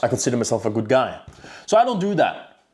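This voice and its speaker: A man delivering a self-improvement rant straight to the viewer. His voice sits at an ordinary middle pitch, and he talks bluntly and profanely. He keeps doubling back and restarting his sentences as he goes. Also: very animated, fast talker, darkish tone. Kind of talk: casual monologue to camera.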